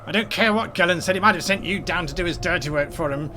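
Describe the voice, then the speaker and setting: A man voicing a nervous, fussy male smuggler boss who talks fast and stumbles over his words. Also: high voice, sharp tone, slight background noise, pitched above the performer's own voice. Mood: flustered. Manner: flustered, defensive, stumbling.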